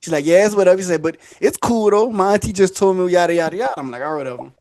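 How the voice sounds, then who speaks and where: A man's voice: high voice, racing, darkish tone, no room sound. A man telling a long story casually on a podcast, acting out the voices and laughing often.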